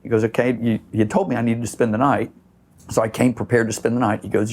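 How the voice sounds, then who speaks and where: A man's voice: mid-range voice, fairly even intonation, fast, gravelly, darkish tone. A middle-aged man from Florida, a surf shop owner, telling a long story in a casual podcast interview, rambling with many fillers. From Florida, USA. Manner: rambling, many "you know" fillers, acts out quoted voices.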